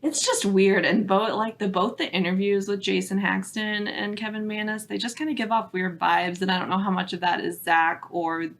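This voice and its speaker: A young woman talks casually as a podcast co-host, retelling a strange story with plenty of filler words and restarts. Her voice sits at an ordinary middle pitch. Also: steady tone, moderate pace, hardly any pauses. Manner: chatty storytelling, many "like" fillers. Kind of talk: casual chat.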